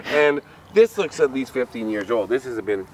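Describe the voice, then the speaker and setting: A man from Canada chatting casually outdoors, rambling and joking with halting restarts. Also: mid-range voice, animated, rough recording. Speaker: co-host. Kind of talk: casual chat. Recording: outdoor street noise.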